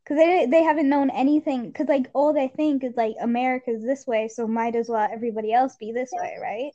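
Young woman co-host, high voice, loose rambly chat full of "like", muffled lo-fi sound. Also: steady tone, fairly quick, dark tone. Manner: rambling, fond of "like", laughs often. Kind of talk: casual chat.

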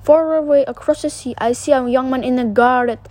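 A woman reading the lines of a gentle, pleading male statue prince in a fairy tale, earnestly and with some stumbles. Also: sits high, fairly even intonation, a little fast, lightly acted.

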